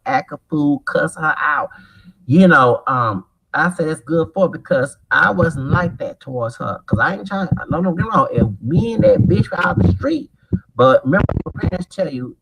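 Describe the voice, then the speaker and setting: A gravelly-voiced man in his forties rambles through a story with a lively, swooping, slightly high voice. He talks in animated, profane bursts and restarts. He is recorded from some distance, with loud background noise. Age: 40s. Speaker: vlogger.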